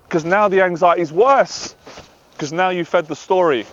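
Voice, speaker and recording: With no room sound, a man speaks at normal speed in a slightly high voice, looking into the camera. He's a dating and anxiety coach, earnest and confessional, who sometimes acts out the voice in his head; the lo-fi recording is a little dull.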